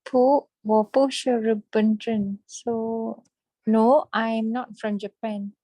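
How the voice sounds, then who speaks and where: Woman, student, slow hesitant speech, slightly high voice, dry close sound. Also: fairly even intonation, dark tone, no echo, low-quality recording. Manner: hesitant, many fillers, sounds out words slowly. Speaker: language student. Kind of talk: halting lesson practice.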